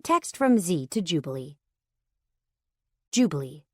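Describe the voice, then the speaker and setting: A woman narrating a first-person romance audiobook in a steady, wry storytelling manner. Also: low voice, unhurried, no echo, studio quality.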